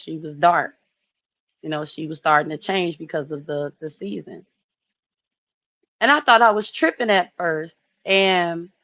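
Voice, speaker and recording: A woman in her early thirties telling a personal story to her viewers in a chatty, animated way, often saying "you know". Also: on the low side, no room sound, dull audio. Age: 30s. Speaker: vlogger.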